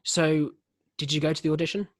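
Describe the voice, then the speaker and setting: Guy ribbing his mate on a podcast, bit husky, dry close sound. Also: on the high side, little pitch movement, fairly quick, dry recording. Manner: teasing, laughs a lot, swears. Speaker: podcast host. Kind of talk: casual chat.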